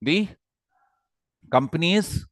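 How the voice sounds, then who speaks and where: A man's voice: on the high side, animated, slow pace, a bit bright, dry recording, clean studio sound. A man with an Indian English accent teaching an online law class, quizzing students and teasing them.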